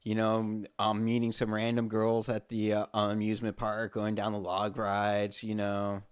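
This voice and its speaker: A man's voice: fairly low pitch, measured pace, clear, resonant tone. A man from Ohio, co-hosting a podcast in casual chat, telling stories and acting out quotes with laughs. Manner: animated storyteller, acts out quotes with laughs. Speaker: podcast co-host.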